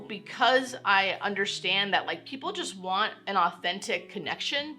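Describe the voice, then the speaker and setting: A woman, a hospice nurse, talks straight to her viewers in a candid, easygoing way, laughing often as she tells stories from her work. Her voice is bright and clear. Faint music plays softly behind her. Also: medium pitch. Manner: candid storytelling, laughs often, lively shifts in loudness. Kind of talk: casual educational talk to camera.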